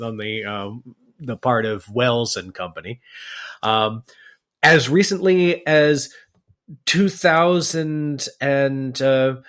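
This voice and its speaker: A man teaching in a podcast lecture, explaining step by step and often pausing with fillers and correcting himself. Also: mid-range voice, a bit bright.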